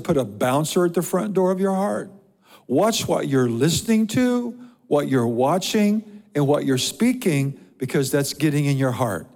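A pastor preaches a sermon, a man with a somewhat high voice who reads scripture aloud and stacks up repeated lists. His voice rings with a long reverb from the church sanctuary. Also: a little mellow.

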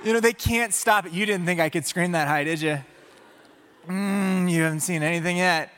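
A pastor giving an energetic, playful sermon to a congregation in a church. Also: male voice, high-pitched, normal speed, background noise. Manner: energetic, playful, speaks to the audience. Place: church sanctuary before a congregation. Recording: long reverb of a large hall.

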